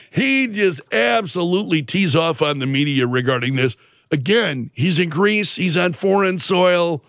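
Guy with a high voice doing slow, animated news commentary, dry dull-sounding mic. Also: dry recording. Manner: animated, retells quotes with censored swearing.

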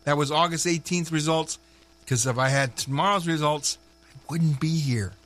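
Man, local radio host: chatty, wry asides, bright and forward tone. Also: fairly high pitch, moderate pace. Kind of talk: casual radio chat with announcements.

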